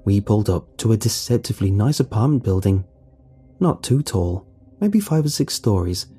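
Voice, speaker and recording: A man telling a first-person horror story in a low-key, wry storytelling voice. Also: warm tone, breathy edge. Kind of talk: first-person creepypasta narration. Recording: faint music underneath.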